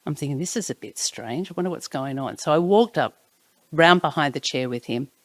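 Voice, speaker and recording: Low-voiced woman telling a story. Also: brisk, no room sound. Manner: expressive, drops to hushed tones. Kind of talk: personal anecdote narration.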